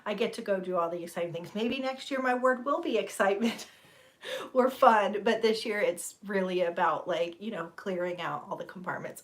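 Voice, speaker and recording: A woman's voice: medium pitch, lively intonation, normal speed. A middle-aged woman, chatting casually with viewers on a livestream, rambling and laughing. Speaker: livestream host. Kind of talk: casual chat with live viewers.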